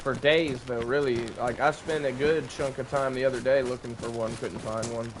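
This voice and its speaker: A man's voice: mid-range voice, fairly even intonation, moderate pace, noisy background. A young adult man streaming a survival game, chatting casually with jokes, swearing and frequent laughter. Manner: joking, swearing, laughs often. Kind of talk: casual gaming livestream chat.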